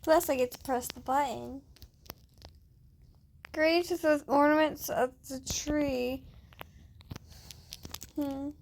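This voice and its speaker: A woman's voice: sits high, fairly even intonation, slow pace, pauses often. A young woman giving casual, playful commentary while playing a video game, chatting and muttering to herself. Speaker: gamer.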